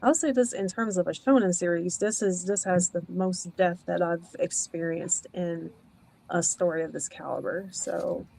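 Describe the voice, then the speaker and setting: Book club member, woman, low gravelly voice, measured and reflective. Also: fairly even intonation, darkish tone, slight background noise, low-quality recording. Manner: thoughtful, builds points slowly with many "like"s. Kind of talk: casual podcast discussion. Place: remote video call.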